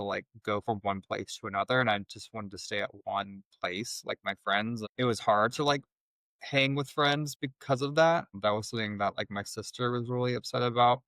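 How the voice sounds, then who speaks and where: A man telling his personal story as a podcast guest, in a halting, reflective way with many restarts. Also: lowish voice, a bit bright, no room sound, rough recording.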